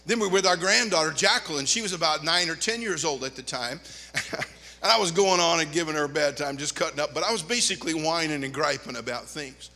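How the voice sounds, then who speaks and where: An older male pastor preaches a sermon in a church, his high, sharp voice animated and brisk, peppered with joking asides. A long reverb from the sanctuary rings around his words.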